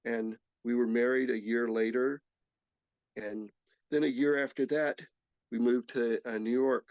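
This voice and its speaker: Gravelly older man telling his story. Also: medium pitch, fairly even intonation, no room sound. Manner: earnest, halting storytelling with restarts. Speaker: speaker sharing his recovery story. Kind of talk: personal testimony talk. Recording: slightly dull, dry recording.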